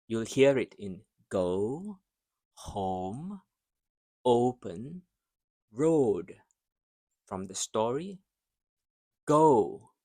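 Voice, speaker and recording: A man teaching English pronunciation, carefully modelling words and phrases, then pausing so learners can repeat after him. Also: mid-range voice, mellow, dry recording, studio quality. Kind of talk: slow, deliberate pronunciation drill.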